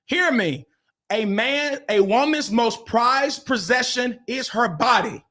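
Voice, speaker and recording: A man's voice: very high voice, slow, sharp tone. A man, hosting a podcast and giving relationship advice in an emphatic, preacher-like way, repeating phrases and calling out to his listeners.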